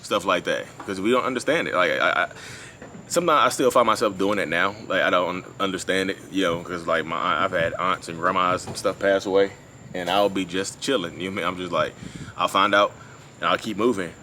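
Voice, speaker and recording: This man's low-pitched voice is fairly quick, pushed and bright. Filming a casual vlog outdoors at a beach amid passing traffic, he rambles repetitively through his feelings in an unscripted monologue about his narcissism, frequently asking "you know what I mean".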